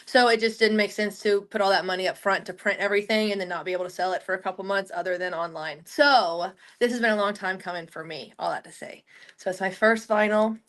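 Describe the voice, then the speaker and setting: A woman's voice: mid-range voice, fairly even intonation, quick pace, fairly bright tone. A young woman from Oklahoma, a country singer, chatting casually in an interview and telling rambling stories full of "like.". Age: young adult. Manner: chatty, rambling storyteller with many "like" fillers.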